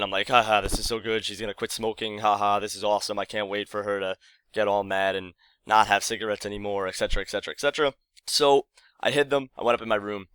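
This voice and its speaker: Rambling young man, lowish voice. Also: fairly bright tone, smooth, dry recording. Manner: rambling and self-correcting. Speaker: vlogger. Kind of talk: casual storytelling to camera.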